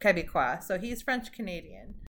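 Young woman co-host, bright tone, giggly recap chatter. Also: lowish voice, very animated, normal speed, slight background noise. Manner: chatty, giggly, narrates episode plot. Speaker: podcast co-host recapping a TV show. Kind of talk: casual chat.

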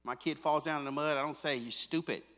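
A male pastor preaching a sermon. He moves between quiet, intimate asides and loud, fervent stretches, and he repeats his phrases with a casual "man" and "come on.". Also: a little high, level tone, fast talker, big-room sound. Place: church sanctuary.

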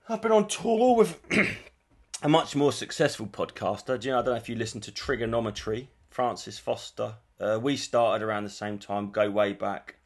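A man's voice: fairly low pitch, vocal fry. A man in his forties from England, a comedian talking casually and telling rambling stories with plenty of swearing and self-corrections. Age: 40s. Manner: chatty storyteller, swears freely, quick asides and self-corrections. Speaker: comedian and podcast host.

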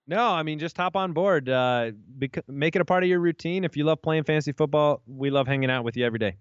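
A man guest speaking in a relaxed, easygoing way during an interview. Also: a little high, quick pace, smooth, no room sound, lo-fi sound. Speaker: podcast guest. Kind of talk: casual interview.

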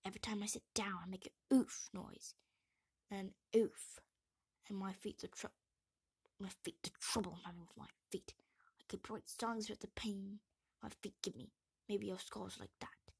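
A woman reading the part of a joking grown man who teases his friends, in a loud half-whisper. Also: medium pitch, fairly even intonation, normal speed, gravelly, slightly rough, dry recording, clean studio sound.

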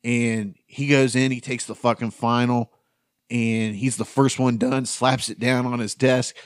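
A man's voice: medium pitch, measured pace, dry recording. Profane storytelling man, dry close mic. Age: 30s. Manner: profane, animated storyteller acting out quotes. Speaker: podcast host. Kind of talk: casual storytelling among friends.

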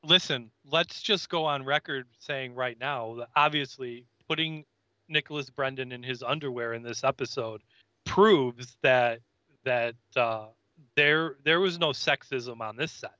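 A man in casual podcast chat, retelling a scene and slipping into the characters' lines. His voice is bright and crisp, recorded dry and close. The sound is slightly dull and lo-fi. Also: medium pitch, unhurried, no echo. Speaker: podcast co-host.

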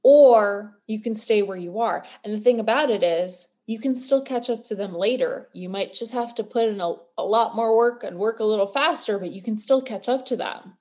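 A woman's voice: medium pitch, moderate pace, few pauses, darkish tone. A woman co-hosts a casual podcast. She gives an earnest pep talk with a mid-range voice. Her tone is motivational and sincere. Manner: earnest, motivational, building to emotion. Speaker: podcast co-host. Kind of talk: casual chat.

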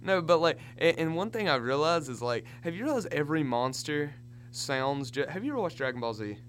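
Young man, casual chat, animated storytelling, faint hum, fairly high voice. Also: brisk. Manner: animated storytelling with impressions and laughter.

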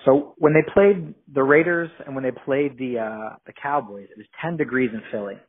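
A man from New Jersey chats casually as a guest, rambling along with fillers and false starts. His voice is husky and mid-pitched. The sound comes through thin and narrow, like a phone line. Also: normal speed. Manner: rambling, with many fillers and restarts. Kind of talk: casual podcast chat.

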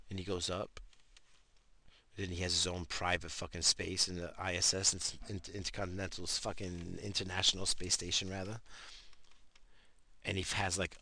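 A man's voice: low-pitched, flat delivery, moderate pace, pushed and bright. A man hosting a casual talk show, ranting in a crude, rambling way and swearing constantly. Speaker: podcast host. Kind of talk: casual profane rant.

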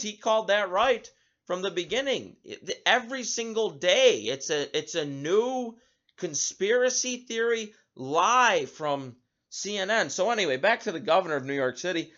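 A male talk show host delivers an emphatic monologue in a high voice that swings widely in pitch. He often stumbles and repeats words as he starts his sentences. The recording sounds dull and lo-fi. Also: fairly bright tone.

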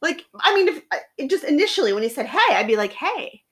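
A woman's voice: high voice, sing-song, racing. A woman hosting a podcast in casual chat, animatedly acting out a text exchange. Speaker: podcast host. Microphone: studio mic.

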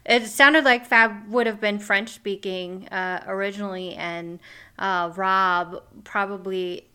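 A woman's voice: medium pitch, fairly even intonation, slow pace, sharp tone, smooth. A woman who grew up in the Midwest, co-hosting a casual chat and musing aloud with hedges. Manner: chatty, hedging with "I'm assuming". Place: North Carolina.

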